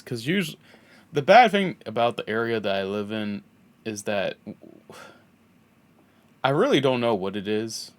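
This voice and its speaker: A man streaming a game, chatting casually and rambling, often laughing as he talks. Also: lowish voice. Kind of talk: casual chat while gaming.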